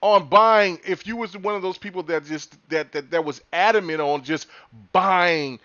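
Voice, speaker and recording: A man hosting a casual gaming podcast, excitable and teasing, often repeating himself as he talks over an online call. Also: sits high, normal speed, dry recording, muffled recording. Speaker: podcast host.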